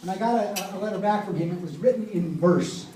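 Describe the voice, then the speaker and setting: A man's voice: high voice, brisk. Middle-aged man giving a eulogy, echoey and distant. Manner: storytelling, humorous anecdotes. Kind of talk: eulogy speech. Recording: echoey room, distant mic, background noise.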